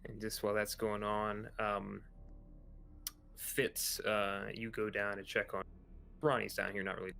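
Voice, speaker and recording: A man narrating as the game master of a sci-fi tabletop game, in a relaxed way with many pauses and "um"s. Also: fairly low pitch, creaky, clear, resonant tone.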